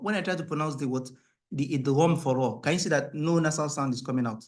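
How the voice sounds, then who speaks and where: A man teaching Quran recitation rules, explaining in a questioning style and breaking into a higher, louder chant for the verses. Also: fast talker. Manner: asks the class rhetorical "what?" questions. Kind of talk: tajweed lesson, explaining and reciting.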